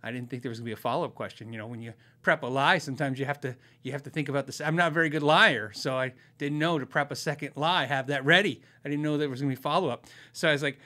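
A man's voice: medium pitch, racing, few pauses, sharp tone. A man hosting a podcast, telling a story in a chatty, self-deprecating way and acting out the other people in it. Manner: chatty, self-deprecating, acts out quoted voices. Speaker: podcast host. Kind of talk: casual storytelling.

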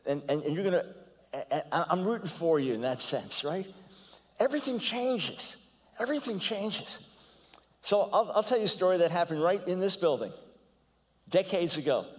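An older man lectures in a big auditorium, his slightly high voice trailing long reverb. He talks in an animated, storytelling way, repeating words as he restarts and acting out the lines of others. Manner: animated, stumbles and repeats words, acts out quotes. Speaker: guest lecturer.

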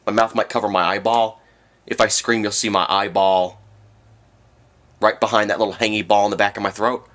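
A man's voice: fairly low pitch, fairly even intonation, brisk, pauses often, fairly bright tone. A man delivering a rambling, sarcastic rant to camera, with sudden outbursts. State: has the hiccups. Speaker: vlogger. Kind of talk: ranting monologue.

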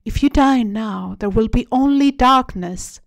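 A woman reads as a passionate middle-aged mother in a storybook, her voice pitched up and pushed loud with intensity. The lines come slow and heavy, in a dry, close recording. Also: creaky, dry recording. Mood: sobbing. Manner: raging then tearful, intense.

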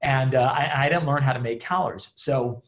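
A man voicing an old farm wife who explains herself in a halting, rambling way. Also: medium pitch, fairly bright tone, close to an everyday voice. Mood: rambling explaining. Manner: halting, rambling, matter-of-fact.

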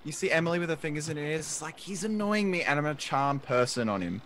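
A man's voice: on the high side, racing, a loud crowd. A man playing a tabletop game over a video call, joking and exasperated. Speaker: player.

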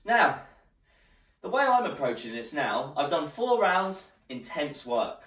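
An encouraging man leads a workout class, a little breathless as he moves along with it. His lively voice rises and falls as he counts down the rounds. The room is echoey and he sounds some way from the mic. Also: on the high side, slow pace. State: slightly out of breath. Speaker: fitness instructor. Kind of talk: live workout class instruction. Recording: roomy echo, distant mic.

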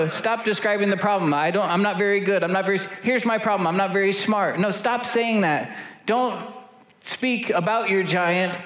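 A middle-aged man preaching a sermon as pastor, rising to loud, high-pitched exhortation and dropping low and slow for storytelling. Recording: echoey room with faint noise.

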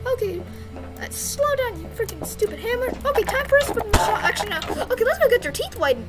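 A woman giving playful, yelling gameplay commentary, laughing and trash-talking as she plays. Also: extremely high pitch, big pitch swings, brisk, over loud music. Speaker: gaming video creator.

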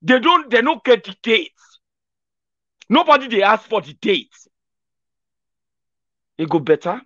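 Nigerian guy ranting casually on his channel, pretty high voice, dry slightly dull sound. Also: unhurried, dry recording. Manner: animated, acts out other people's lines. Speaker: political commentator. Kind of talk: casual commentary monologue.

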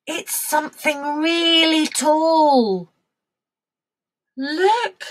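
A woman leading a preschool music lesson, singing and talking in an animated, sing-song way that drops to whispers and gasps. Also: high-pitched, very slow. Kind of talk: sung and spoken children's music lesson.

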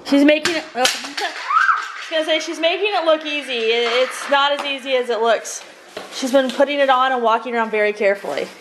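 A young woman chatting on a casual family vlog, animated and gushing, often laughing. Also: high voice, brisk, heavy background noise. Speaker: family vlogger.

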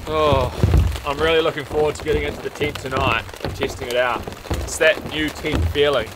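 A man's voice: fairly high pitch, brisk. A young man vlogging while camping, chatty and upbeat, talking while he eats. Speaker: outdoor vlogger. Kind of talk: casual camping vlog. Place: outdoors at a campsite under a shelter in rain. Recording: heavy rain noise outdoors. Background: steady rain and fire crackle.

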